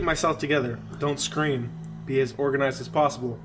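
A man's voice: medium pitch, steady tone, fairly quick. A man co-hosting a podcast, reading a creepy story aloud and breaking off to laugh and joke. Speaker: podcast co-host.

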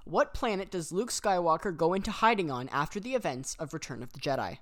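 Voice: mid-range voice, lively intonation, a little fast, a bit bright. A host asking quiz questions in a casual, teasing chat.

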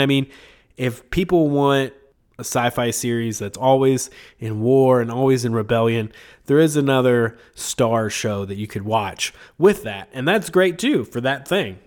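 A man hosting a podcast in casual chat, talking with a sick, congested voice and rambling with many fillers and chuckles. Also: medium pitch. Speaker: podcast host.

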